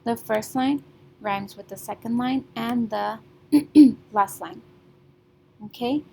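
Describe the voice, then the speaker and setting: A woman teaching a class remotely, patient and methodical, often checking in with "okay?" and clearing her throat now and then. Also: a little high, slow, dark tone, a little hiss or hum, poor audio.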